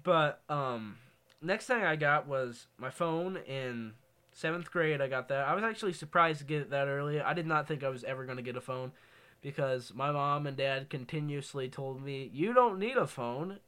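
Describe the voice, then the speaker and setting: A man's voice: mid-range voice, moderate pace, sharp tone, clear, resonant tone. A teenage boy co-hosting a podcast, chatting casually and rambling with lots of ums. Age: teens. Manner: rambling, many ums, tangents. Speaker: podcast co-host. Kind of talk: casual chat.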